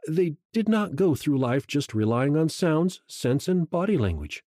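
A man reading a first-person audiobook in a slow, hushed, measured way. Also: on the high side, very animated, no echo, studio quality. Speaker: audiobook narrator. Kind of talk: first-person scripted narration.

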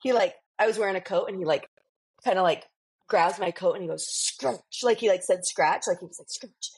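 A woman in her thirties with a soft, breathy voice tells a story on a parenting podcast. She rambles and giggles, filling her talk with "like" and "you know.". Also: fairly low pitch, quick pace. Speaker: podcast co-host. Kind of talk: casual parenting podcast chat.

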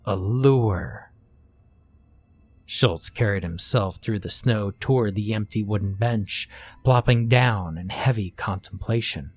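A man narrating a scripted horror story in a slow, hushed way. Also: on the low side.

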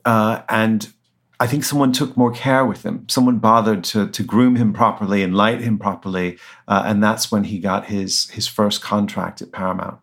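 A man's voice: fairly low pitch, fairly even intonation, normal speed, a bit bright. A man being interviewed as an author, answering conversationally with many fillers and restarts. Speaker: author guest.

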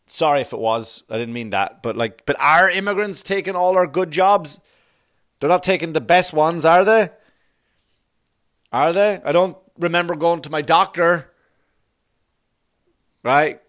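Middle-aged guy doing stand-up, swears a lot, rambles, bit of a high voice. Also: unhurried, long pauses, a bit bright. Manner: rambling, swears a lot, acts out little scenes in put-on voices. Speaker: stand-up comedian. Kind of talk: profane stand-up monologue.

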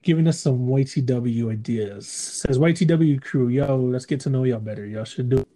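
A man's voice: mid-range voice, normal speed, mellow. A man co-hosting a casual podcast, joking loosely, laughing often and reading listener emails aloud. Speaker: podcast co-host. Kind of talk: casual chat.

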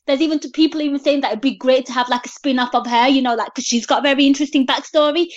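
A woman's voice: high voice, steady tone, very fast, muffled recording. A woman on a panel chatting casually about a film, thinking aloud as she goes.

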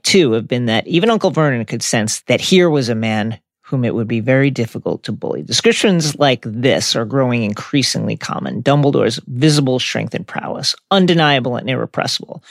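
A man co-hosting a book discussion podcast, retelling chapters in a wry, lively way. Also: mid-range voice, creaky, no echo, studio quality. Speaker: podcast co-host.

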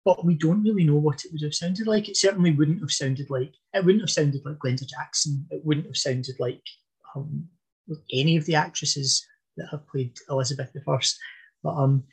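Man, husky, a bit high, podcast history talker, thoughtful with restarts. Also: normal speed. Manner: thoughtful, hesitant with fillers and restarts. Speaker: podcast guest expert on history. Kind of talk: casual podcast chat.

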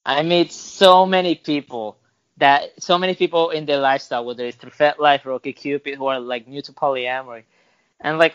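Rambling man with a higher voice. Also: fairly even intonation, brisk, smooth, dull audio. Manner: rambling, frequent restarts and "like" fillers. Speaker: podcast guest. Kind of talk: casual storytelling interview.

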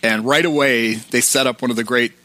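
A man's voice: mid-range voice, fairly even intonation, brisk, sharp tone. A man hosting a podcast, casually retelling film scenes and quoting lines. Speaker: podcast host.

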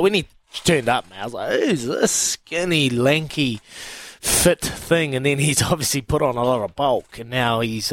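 A man co-hosting a sports radio breakfast show in casual chat, laid-back and quick to laugh. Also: medium pitch.

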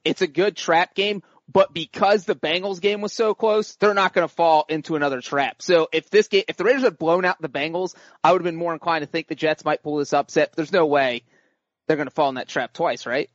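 A man on a podcast panel walks through his football reasoning in a casual, explanatory way. His voice is a little high. The sound is dry and dull, like a remote feed. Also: fairly quick, no room sound. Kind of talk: casual sports podcast analysis.

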